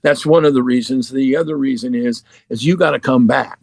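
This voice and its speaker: A man from Oregon with a mid-pitched, gravelly voice, recounting his own story as a guest. He talks casually, swears freely and plays out both sides of each exchange. The recording is dry and close. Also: a little fast, no room sound. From Oregon, United States. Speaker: guest musician.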